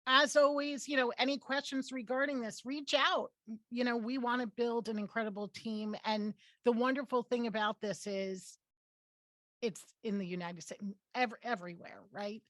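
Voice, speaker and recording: A woman's voice: a little high, steady tone, moderate pace, a bit bright, no echo. A woman hosting a podcast interview as a credit coach, upbeat with short affirmations. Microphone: video call.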